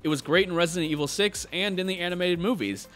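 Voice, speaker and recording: A man's voice: sits high, fast. A man ranting passionately as a video game commentator. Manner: passionate, animated. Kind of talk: opinionated rant.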